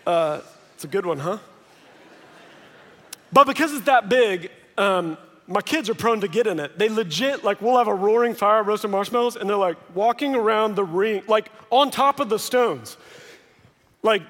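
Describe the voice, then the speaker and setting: A man in his thirties preaching a sermon as a pastor, telling family stories with joking asides. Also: high-pitched. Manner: lively storytelling with joking asides. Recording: long reverb of a large hall.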